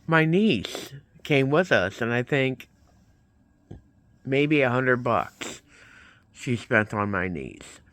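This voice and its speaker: Slow rambling man telling a story. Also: medium pitch, sing-song, fairly bright tone, no echo. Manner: rambling, retells events with quoted back-and-forth. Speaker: vlogger. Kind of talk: casual storytelling vlog.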